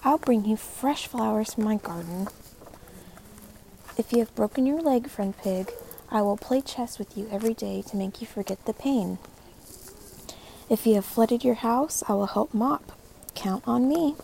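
A woman voicing a kind, fretful male goat worried for his friend in a storybook, with a mellow, gravelly voice. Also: on the high side, a little slow, long pauses, slight background noise. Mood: reassuring. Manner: worried, eager to help.

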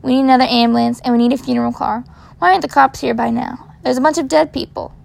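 A woman voicing a brusque male paramedic in a storybook reading, giving clipped, hurried orders. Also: sits high, fairly even intonation, gravelly, exaggerated voice.

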